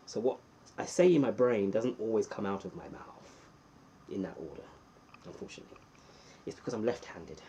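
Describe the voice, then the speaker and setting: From home, a man hosts a casual livestream, reading viewers' names aloud and cheering them on. His lowish voice is warm and mellow with a slightly husky edge, at normal speed with long pauses, breaking into excited bursts between relaxed chatter. The audio sounds dull.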